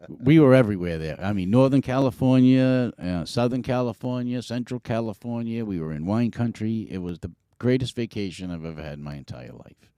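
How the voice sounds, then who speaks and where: A man's voice: lowish voice, brisk, clear, resonant tone, no echo. Middle-aged guy on a podcast, swears a lot, voice jumps all over when he acts out quotes, dry close mic. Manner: animated, profane, acts out quotes. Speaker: podcast co-host. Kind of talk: casual storytelling chat.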